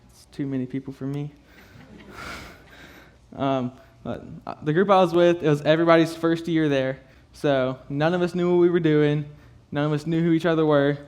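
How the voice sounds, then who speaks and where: Young man, slightly high voice, nervous and halting, close to tears while giving a youth-group testimony. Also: steady tone, a little mellow. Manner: nervous, halting, many fillers and nervous laughs.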